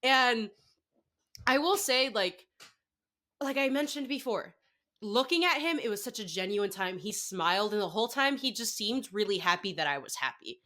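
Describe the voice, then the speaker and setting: A young woman guest on a podcast, telling a story in casual chat. She gushes excitedly and fills her talk with "like". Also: on the high side, normal speed. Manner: excited, gushing storytelling full of "like".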